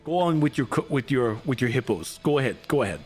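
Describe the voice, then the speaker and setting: A man co-hosting a casual gaming talk show, jokey and animated, laughing a lot. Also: medium pitch, a little fast, breathy edge, soft background music. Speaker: podcast co-host.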